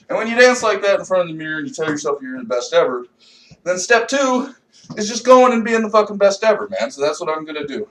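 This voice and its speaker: Brief: young male comedian, high-pitched, profane rambling rant, recorded off-mic in an echoey room. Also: animated, fairly quick, recorded from a distance. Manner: rambling, swings between low mutters and loud outbursts.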